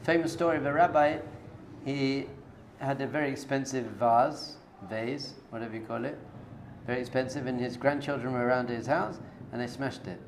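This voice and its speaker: A man's voice: medium pitch, fairly even intonation, a little fast, slight background noise. A man, a rabbi, giving an informal spoken lecture to a live group, coaching them directly with everyday analogies in a conversational tone. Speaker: rabbi teaching a class.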